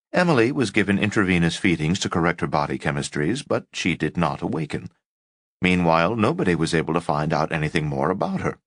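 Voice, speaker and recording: A man reading a memoir audiobook aloud, measured storytelling with lively inflection. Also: low-pitched, dry recording, studio quality. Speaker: audiobook reader.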